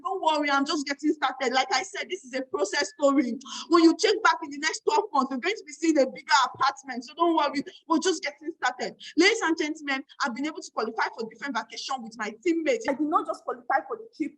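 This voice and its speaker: A woman's voice: sits high, poor audio. A young Nigerian woman in her early twenties giving an emphatic motivational talk to an audience, repeating key lines for effect. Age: young adult. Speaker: motivational speaker.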